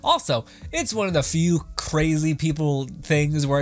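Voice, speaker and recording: Young man, casual reaction commentary, crude and animated, rambling, light music underneath. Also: fairly high pitch, a little slow. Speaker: reaction show host.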